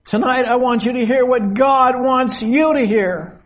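An older man preaching a sermon from a podium in a meeting hall, slow and measured with long pauses. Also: very high voice, highs cut off.

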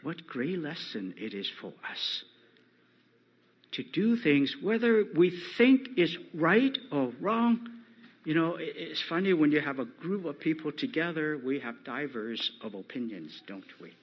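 Husky male preacher, unhurried emphatic delivery, dull lo-fi recording. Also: on the high side, big pitch swings. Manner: slow, emphatic, rising loud on quoted scripture. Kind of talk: sermon.

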